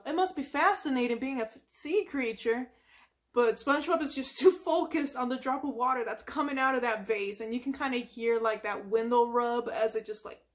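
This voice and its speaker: High-voiced woman retelling a story. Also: a bit bright. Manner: chatty, with fillers and asides. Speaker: ASMR storyteller.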